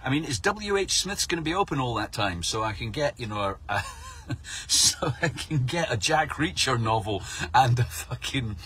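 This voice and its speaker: A man's voice: mid-range voice, animated, moderate pace, bright, forceful tone. A middle-aged man delivering a sweary, sarcastic comic rant about the news. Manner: sarcastic, mocking, swears a lot.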